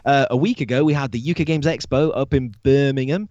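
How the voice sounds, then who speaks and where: A man's voice: medium pitch, brisk, a little mellow, dry recording. A man from the UK co-hosting a podcast, chatting with enthusiasm and saying "amazing" often. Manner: enthusiastic, says "amazing" a lot. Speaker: podcast co-host. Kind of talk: casual chat. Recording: dry, dull lo-fi podcast audio.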